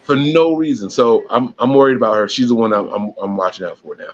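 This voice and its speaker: A man co-hosting a casual podcast, telling long stories at an easy mid pitch and often restarting his sentences. The sound is dull and lo-fi. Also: a little fast. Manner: rambling storyteller with many restarts. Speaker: podcast co-host.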